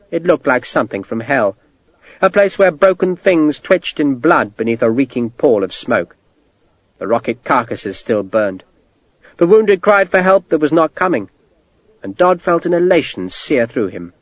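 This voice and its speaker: A man narrating a historical war novel as an audiobook, with an expressive storytelling delivery. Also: medium pitch, no echo. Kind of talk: scripted narration.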